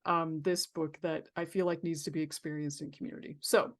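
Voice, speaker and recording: Here the therapist guest from San Diego, California, has a low voice with a level tone and a slightly fast pace. On the podcast she muses casually about creativity, full of fillers and restarts.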